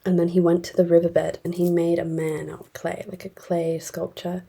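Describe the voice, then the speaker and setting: Husky-voiced woman chatting about a book. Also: on the low side, little pitch movement, normal speed, mellow. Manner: chatty, blunt, filler-heavy with "like". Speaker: book reviewer. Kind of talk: casual book review.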